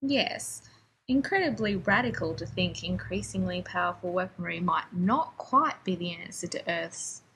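A woman's voice: on the low side, lively intonation, fairly bright tone, breathy edge, heavily acted. Woman reading as an anxious, sarcastic male scientist. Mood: nervous rambling. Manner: rapid, rambling, sarcastic. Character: anxious, prickly male scientist defusing a bomb.

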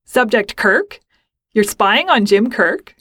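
A woman's voice: on the high side, big pitch swings, slow, fairly bright tone, no echo, heavily acted. A woman voicing a hostile young male alien cadet with a confrontational, sneering manner.

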